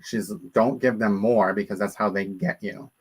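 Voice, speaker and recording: A man's voice: on the low side, steady tone, normal speed, husky. A man in casual chat, indignant and rambling, with many fillers.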